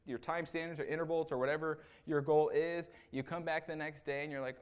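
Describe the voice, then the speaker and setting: A man's voice: on the high side, brisk, few pauses. A man, an assistant pastor, giving a conversational sermon with casual asides, often checking in with "right?" and acting out the people he describes. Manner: casual, tags lines with "right?"; animated retelling with acted asides.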